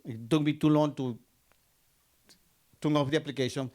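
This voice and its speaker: A man's voice: fairly high pitch, fairly even intonation, moderate pace, darkish tone. A man from Guatemala, telling a personal story on stage and acting out both sides of a conversation.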